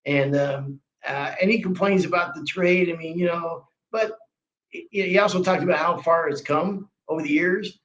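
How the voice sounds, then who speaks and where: A man's voice: high voice, fairly even intonation, normal speed, fairly bright tone, lo-fi sound. A man, a flooring trainer, chatting casually and rambling a bit with restarts. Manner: rambling, many restarts and fillers. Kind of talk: casual chat.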